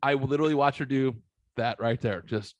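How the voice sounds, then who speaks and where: A man in his thirties tells a rambling, profane story on his podcast and acts out every voice in it. His voice sits mid-pitch, and the recording is close and dry, with no room echo. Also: a little fast, lo-fi sound. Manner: profane, animated storyteller acting out quotes. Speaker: podcast host. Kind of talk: casual storytelling.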